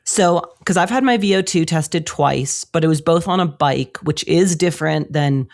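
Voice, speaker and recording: A woman co-hosting a running podcast while sick, her voice rough and raspy. She talks casually and pokes fun at herself, laughing easily. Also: low voice, moderate pace, darkish tone. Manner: self-deprecating, laughs easily. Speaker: podcast co-host. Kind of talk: casual chat.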